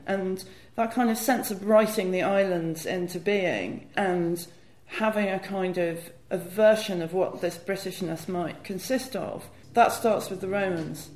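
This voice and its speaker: In an echoey room, a woman with a mid-range, somewhat dark voice explains history as a guest expert. Her delivery is fluent, enthusiastic and conversational yet academic, and she says "you know" a lot.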